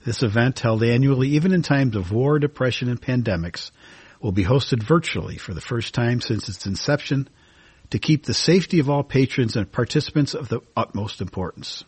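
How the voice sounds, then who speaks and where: A male radio host with a slightly husky voice, pitched in the ordinary middle range. He reads out long, flowery introductions and chats with his guest enthusiastically, laughing often. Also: a little fast, darkish tone. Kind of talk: radio talk show hosting.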